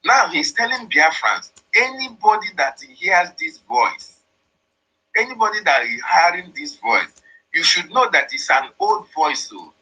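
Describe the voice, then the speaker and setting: A man's voice: a little high, pushed and bright, breathy edge, rough recording. A man, hosting political commentary, who explains a played voice message emphatically and repeats his points. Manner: emphatic, repetitive, explains each line. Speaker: host interpreting a played voice message.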